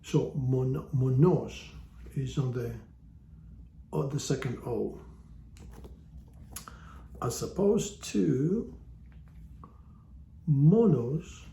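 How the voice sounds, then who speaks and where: Slow, gravelly man teaching with wry jokes. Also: mid-range voice, expressive, warm tone, slight background noise. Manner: wry, joking asides. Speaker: language teacher. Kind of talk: casual online lesson. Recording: echoey room.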